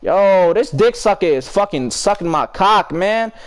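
A man's voice: sits high, expressive, measured pace, smooth. A young man streaming a basketball game, trash-talking teammates and chatting with viewers in a heated, profane way. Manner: talks to teammates and chat between plays. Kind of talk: live gameplay commentary and chat talk.

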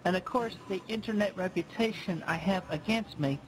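A man narrating his own video in a scripted, earnest and plaintive way, speaking deliberately. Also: high-pitched, slight background noise. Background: music.

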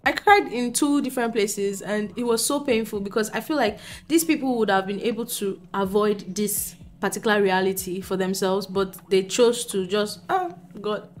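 A young woman talks straight to her camera at home, running through the books she read this month. She rants and laughs, swinging from quiet asides to loud outbursts. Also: mid-range voice, normal speed, few pauses, faint music behind. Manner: animated ranting, laughing, shifting from quiet to loud. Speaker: book vlogger. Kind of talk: casual reading wrap-up. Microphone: camera mic.

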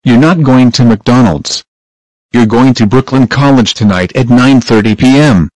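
A man plays a stern cartoon black bear who lays down the law firmly. His voice sits at an ordinary pitch. The sound is dry. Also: a little slow, a little mellow, no room sound, close to an everyday voice, rough recording.

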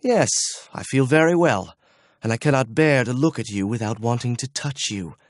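A man's voice: medium pitch, normal speed, no echo, studio quality, natural voice. A man voicing a hopeful, eager young man in an audiobook, speaking with reassuring energy.

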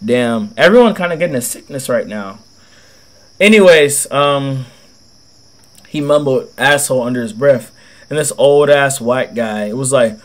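A man's voice: medium pitch, normal speed. A young man with a cold, telling a rambling, slangy, swear-filled story in casual gameplay commentary. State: has a cold. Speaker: gaming video host.

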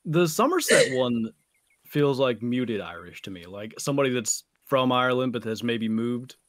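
Playful American man, lively pitch. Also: normal speed. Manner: playful, teasing, dry jokes. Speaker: guest streamer. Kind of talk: casual gaming stream chat.

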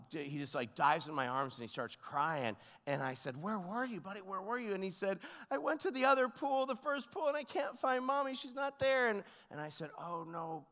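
A man preaching as a guest pastor, telling a story and acting out the voices, dropping to a hush and then rising to loud cries. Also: a little high. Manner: animated, acts out voices, swings between hushed and shouting. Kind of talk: storytelling sermon. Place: large church hall. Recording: long hall reverb.

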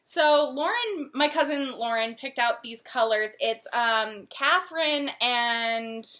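A woman's voice: on the high side, lively intonation, takes it slowly, fairly bright tone. A young woman co-hosting a casual knitting video chat in her apartment, talking chattily with restarts and acted quotes. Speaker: podcast co-host. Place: apartment living room. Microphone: camera.

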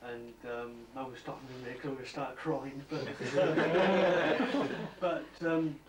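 A man, a fan, asking a question in a hesitant, nervous, halting way. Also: medium pitch, steady tone, a loud crowd. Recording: distant, echoey amateur recording.

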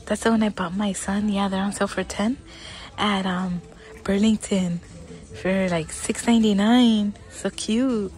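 A middle-aged woman filming a casual shopping vlog inside a large department store, chatting, often dropping to a whisper and gasping with excitement. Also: medium pitch, unhurried. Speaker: vlogger.

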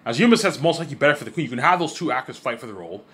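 Fast-talking excitable man rambling on. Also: mid-range voice. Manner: excitable, repetitive, swears freely; stumbles and restarts often. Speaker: vlogger. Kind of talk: casual rambling monologue.

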